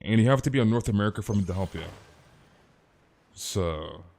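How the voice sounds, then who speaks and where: A man casually chatting with viewers on a live game stream, emphatic and ranting, stammering through quick restarts and tossing in "dude". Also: lowish voice, animated, a little mellow. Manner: emphatic, ranting, peppered with "dude" and mild swearing. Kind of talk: casual live-stream chat while gaming.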